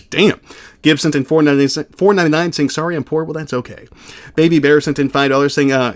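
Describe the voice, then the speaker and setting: Young male streamer, slightly high voice, reads donations aloud, casual and blunt, swears freely. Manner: blunt, profane, laid-back reading. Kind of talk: casual livestream chat.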